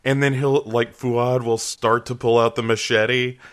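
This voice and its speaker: A man co-hosting a podcast, chatting casually and jokingly about a film, laughing and putting on quick voices for the characters. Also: medium pitch. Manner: animated, laughing, jokey asides and quoted voices. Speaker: podcast co-host. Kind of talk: casual movie review chat.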